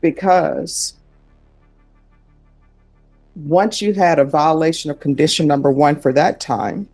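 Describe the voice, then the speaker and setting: A woman's voice: low-pitched, slow, darkish tone, soft background music. Firm, methodical woman judge. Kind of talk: questioning from the bench. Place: courtroom.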